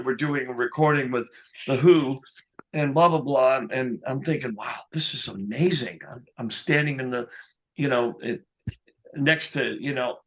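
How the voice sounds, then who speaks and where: A man being interviewed as a guest musician, telling an anecdote in a casual, animated way, often adding "you know". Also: mid-range voice, highs cut off. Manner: animated anecdote teller, quotes others, many "you know"s.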